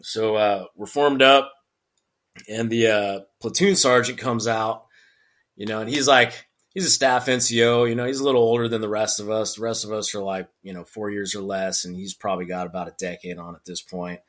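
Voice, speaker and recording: A man's voice: fairly low pitch, moderate pace. A middle-aged man, a former Marine sergeant, telling a story in casual conversation and acting out the voices he quotes with laughs. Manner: animated, acts out quotes with laughs.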